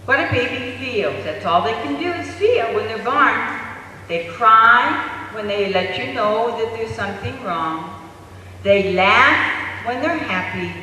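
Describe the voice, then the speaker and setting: A man giving a public talk, telling stories in an animated, deliberate way. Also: high-pitched, slight background noise. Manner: animated storytelling, slow and deliberate. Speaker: speaker. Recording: echoey hall, distant mic.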